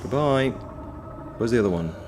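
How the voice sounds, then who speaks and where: A man and voice actor giving live-stream gameplay commentary, swearing freely as he yells at the game and chats with viewers. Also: mid-range voice, moderate pace, background noise. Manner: animated, swears freely, talks to the game and to chat.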